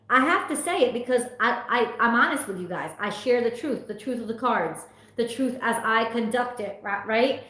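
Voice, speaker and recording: A young woman reads tarot live from her home, talking casually and letting her irritation out with blunt swearing. Her voice sits fairly high. The room around her is echoey. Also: a bit bright. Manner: frustrated, venting, swearing. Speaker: tarot reader. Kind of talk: casual livestream talk.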